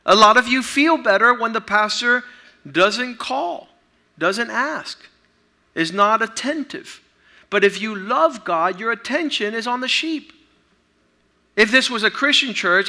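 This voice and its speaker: A middle-aged man preaching a sermon as pastor, energetic and urging his congregation. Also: sits high, a little slow.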